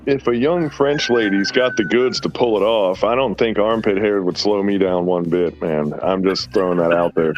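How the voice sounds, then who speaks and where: A man's voice: lowish voice, moderate pace, hardly any pauses, dull audio, faint music behind. A man chatting casually on a podcast, rambling through stories and dropping "man" at the ends of sentences. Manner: rambling storyteller, drawling, says "man" often. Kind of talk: casual banter.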